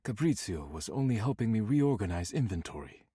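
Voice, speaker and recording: A man voicing a formal, fussy character in a dating game, speaking in a measured, proper way. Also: fairly low pitch, very animated, mellow, slight background noise. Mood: polite.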